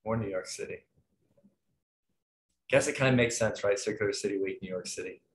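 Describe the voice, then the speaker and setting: A man's voice: lowish voice, a little fast. A man moderating an online panel, chatty and friendly, rambling with lots of fillers over a video call. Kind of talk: casual webinar hosting.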